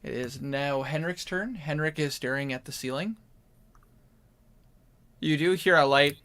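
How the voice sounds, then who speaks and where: A man from Minnesota with a Midwestern accent, running a tabletop game as game master, laughing often and calling turns briskly. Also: on the high side, a bit bright. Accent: Midwestern American.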